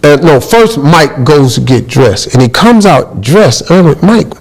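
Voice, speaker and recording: A middle-aged man telling a comic story in a lively way, acting out quotes and exclaiming as he goes. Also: on the high side, measured pace, background noise.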